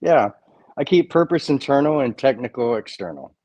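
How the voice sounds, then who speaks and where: A man speaks in short, firm, measured statements as an interview guest. His voice sounds dry and close, with little room sound around it. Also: medium pitch, very animated, a little mellow, no room sound. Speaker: author and music creator, guest. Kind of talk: interview answers.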